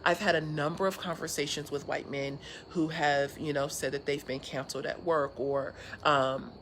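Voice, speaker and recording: A woman's voice: sits low, fairly even intonation, moderate pace, fairly bright tone, slight background noise. A woman from California chatting earnestly and casually to an online audience from her porch, with many fillers and restarts. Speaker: speaker sharing with an online audience. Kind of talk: casual live chat. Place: outdoor porch.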